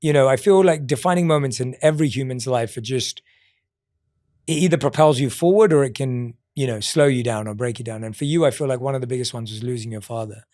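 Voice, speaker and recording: A man's voice: mid-range voice, fast. Reflective man hosting a podcast. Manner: reflective, gently probing, casual fillers. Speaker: podcast host. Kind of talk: podcast interview.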